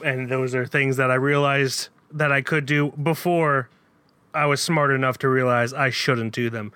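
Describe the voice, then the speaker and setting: Bright-voiced man, jokey podcast chat. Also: medium pitch, steady tone, moderate pace, clean tone. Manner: jokey, mock-formal banter. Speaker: podcast host. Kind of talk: casual chat.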